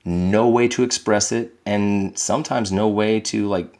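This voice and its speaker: Deep-voiced man sharing parenting stories earnestly. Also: fairly even intonation, a little slow, darkish tone. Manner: earnest, reflective, acts out quotes in a raised voice. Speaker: podcast guest. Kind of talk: candid conversational storytelling.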